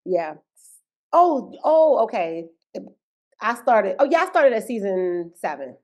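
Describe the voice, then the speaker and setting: A woman's voice: mid-range voice, big pitch swings, takes it slowly, darkish tone. A woman co-hosting a podcast, chatting casually and playfully about a reality show, often laughing. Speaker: podcast co-host. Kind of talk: casual reality-TV recap chat.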